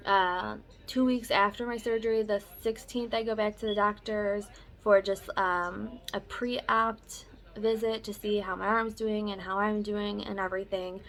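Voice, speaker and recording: A woman's voice: mid-range voice, flat delivery, measured pace, fairly bright tone. A young woman chatting casually in a personal vlog update, rambling with filler words. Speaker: vlogger.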